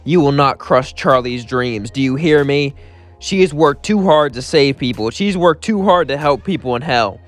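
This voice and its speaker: A man's voice: mid-range voice, expressive, normal speed, faint music behind, lightly acted. A man voicing a fierce, protective young woman who speaks in a stern, threatening way.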